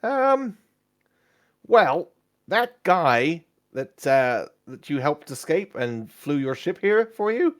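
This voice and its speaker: A man voicing an excitable male friend of the adventuring party, who talks eagerly but falters with fillers. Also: on the high side, slow pace, voice pushed up. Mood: rattled.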